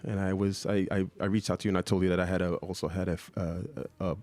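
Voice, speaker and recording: A man hosting a podcast interview in a lowish voice. He feels his way through sentences with pauses and restarts, friendly and unhurried. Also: flat delivery, darkish tone. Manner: halting, full of fillers and restarts. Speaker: podcast host. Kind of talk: interview conversation.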